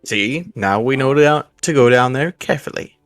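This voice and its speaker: Smooth-voiced man playing a tabletop game. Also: mid-range voice, a little fast, no room sound, studio quality, soft background music. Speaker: player.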